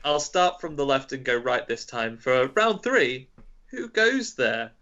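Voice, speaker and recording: A man with a bright, forward voice hosts a podcast quiz, reading out scores and walking players through the rules. The audio is a little dull and lo-fi. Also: medium pitch, animated, a little slow. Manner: explains rules at length, laughs often. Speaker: quiz master.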